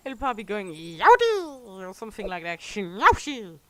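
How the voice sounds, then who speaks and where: A woman's voice: fairly high pitch, dry recording. A young adult woman, a native Danish speaker, chatting casually with viewers on a game livestream, playful and bawdy, swearing freely and laughing often. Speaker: game streamer.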